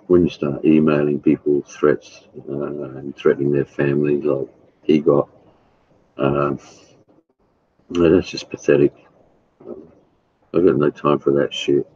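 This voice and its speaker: A man chatting casually with his live stream viewers, blunt and profane, halting with fillers. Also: rumbling low, little pitch movement, husky, dry recording, highs cut off. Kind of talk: casual chat.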